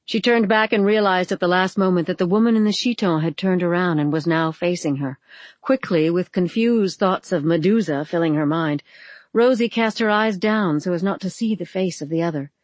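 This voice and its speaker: An audiobook narrator giving a measured, dramatic reading of a novel, recorded close. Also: mid-range voice, no room sound.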